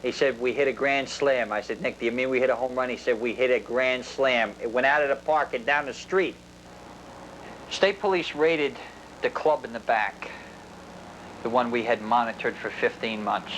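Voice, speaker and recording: A man's voice: mid-range voice, normal speed, fairly bright tone. A middle-aged man, a retired police officer telling his story in documentary narration. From New Jersey. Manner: plain-spoken storytelling that acts out quoted dialogue. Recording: noisy documentary audio.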